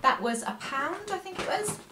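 A woman's voice: very high-pitched, animated, normal speed. Woman in her thirties, chatty haul vlogger who jokes at her own expense; slight hiss under a roomy echo. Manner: chatty, rambling and self-mocking. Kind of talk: casual chat to camera.

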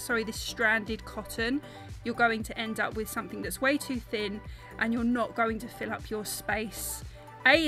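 A young woman with a South East London accent, talking through an embroidery tutorial step by step in a chatty, apologetic way. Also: fairly high pitch. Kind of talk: voice-over tutorial narration.

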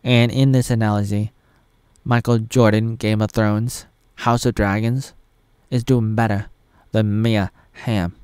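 A man's voice: lowish voice, steady tone, a little slow, a little mellow, smooth, dry recording. A man in his thirties from Oregon, ranting in a rambling, self-mocking solo vlog with lots of asides. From Oregon, USA. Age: 30s. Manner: self-mocking, digressive, with pop-culture asides. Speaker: vlogger.

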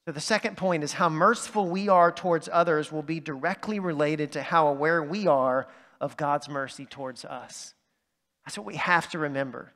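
Man, pastor, conversational sermon, fairly high voice, long church reverb. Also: normal speed, a bit bright. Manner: conversational preaching with asides like "right?". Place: church sanctuary.

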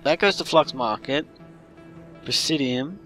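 A man's voice: fairly high pitch, animated, measured pace, sharp tone, faint music behind. A man giving casual, joking commentary while playing a game, rambling and unsure. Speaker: gamer.

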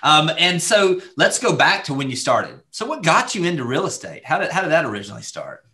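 Lively, bright-voiced male interviewer. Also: fairly high pitch, fairly quick. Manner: encouraging, brief backchannels, relaxed questions. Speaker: podcast host, interviewer. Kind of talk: casual interview chat.

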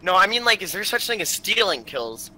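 A man chatting casually while playing a shooter with a friend, joking and yelling out loud. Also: high-pitched, very animated, fairly quick, a little hiss or hum, rough recording. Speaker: gamer. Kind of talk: casual gaming banter.

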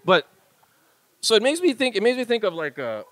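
A man from Hawaii, co-hosting a podcast in joking, animated banter. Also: sits high, fairly quick, no room sound. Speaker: podcast co-host. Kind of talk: casual comedic chat. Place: live studio room with audience.

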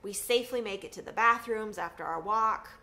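A woman performing a personal story, acting out the voices of the people in it. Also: fairly quick. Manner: animated, acts out quotes with big pitch swings.

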